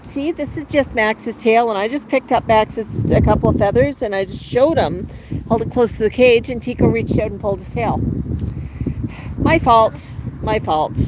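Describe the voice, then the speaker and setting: Chatty woman livestreaming on a patio. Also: a little high. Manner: chatty, coaxing baby talk to her birds. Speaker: parrot owner hosting a livestream. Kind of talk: casual livestream chat with her parrots. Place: outdoor patio in the shade. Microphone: cell phone. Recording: outdoor phone audio with faint traffic.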